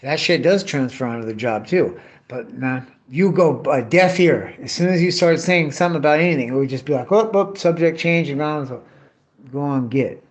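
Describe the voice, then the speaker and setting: A middle-aged man with a mid-range voice talks at a moderate pace while cutting bottles for his vlog. A tree care worker, he rambles casually and profanely, ranting about old bosses and work crews.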